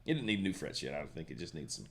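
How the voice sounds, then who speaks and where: A man's voice: a bass voice, racing, creaky. A man co-hosting a guitar shop live stream, chatting casually about gear and reading viewer comments aloud. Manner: relaxed, rambling, lots of fillers and restarts.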